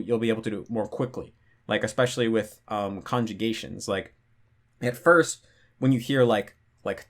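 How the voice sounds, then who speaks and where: Chatty young man answering viewer questions. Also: on the low side. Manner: loose, filler-heavy, lots of "like" and restarts. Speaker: language-learning channel host. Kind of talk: casual Q&A monologue.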